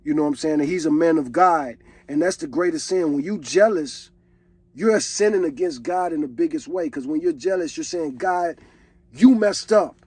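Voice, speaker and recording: A man's voice: on the high side, moderate pace, a little mellow, husky, dry recording. A man, reacting to a song in casual commentary, earnest and preachy. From Chicago. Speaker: reaction video host.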